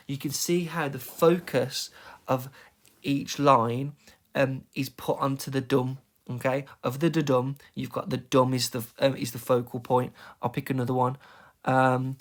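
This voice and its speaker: Brief: male teacher, mid pitch, emphatic and steady, recorded lesson voice-over. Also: normal speed. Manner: emphatic, tapping out rhythms, frequent "okay?" check-ins. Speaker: English teacher.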